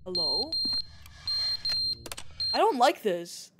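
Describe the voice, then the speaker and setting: A woman's voice: medium pitch, sing-song, extremely slow, very noisy. A woman streaming a game and chatting playfully with her viewers in a teasing way. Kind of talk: casual game-stream chat.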